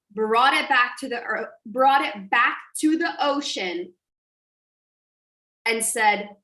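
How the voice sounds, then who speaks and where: A woman coach telling an animated story on a live stream, acting out quotes and laughing often. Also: on the high side, reverberant. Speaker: online business coach.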